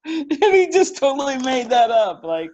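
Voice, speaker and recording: A man's voice: very high voice, very animated, unhurried, a little mellow. A man co-hosting a casual comedy chat, telling a family story in a laid-back way with chuckles. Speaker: podcast co-host. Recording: dull lo-fi sound.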